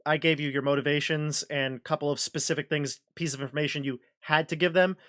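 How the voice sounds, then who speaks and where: A man's voice: a little high, fairly even intonation, brisk, a bit bright. A man hosting a casual chat as game master, talking in loose sentences with many restarts and fillers. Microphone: video call.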